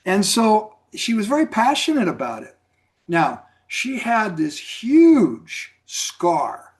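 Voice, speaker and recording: Rambling middle-aged man telling a story. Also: on the high side. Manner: rambling, repeats words, lots of "you know". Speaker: network marketing mentor. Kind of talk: casual storytelling on a video call.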